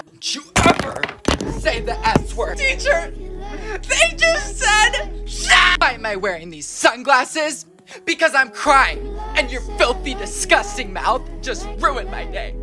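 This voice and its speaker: Woman as a smug schoolgirl, high-ish voice, dramatic whines, clear music underneath. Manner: condescending, dramatic, whiny outbursts. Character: smug attention-seeking teen schoolgirl, show-off. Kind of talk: comedy sketch acting. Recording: music playing behind the voice.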